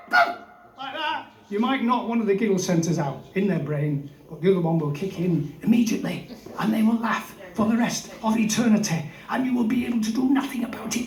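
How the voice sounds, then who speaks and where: A man doing a live comedy set, telling rambling absurd stories with exuberant showman patter. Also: extremely high pitch. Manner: exuberant, addresses "ladies and gents". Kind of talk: absurd rambling stand-up storytelling. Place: brewery venue, indoors. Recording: echoey room sound.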